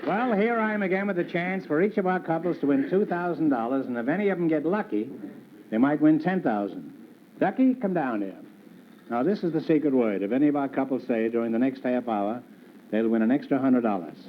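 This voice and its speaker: Wisecracking quiz host on a tinny old broadcast. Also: male voice, on the high side, lively intonation, brisk, slight background noise. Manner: wisecracking, teasing. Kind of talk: wisecracking game show banter. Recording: tinny 1950s broadcast recording.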